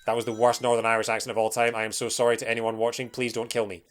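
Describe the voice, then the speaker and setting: A man's voice: medium pitch, level tone, rapid-fire. A young man with a Scottish accent, chatting casually and rambling with plenty of fillers while he streams a game. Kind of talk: casual livestream chat while playing.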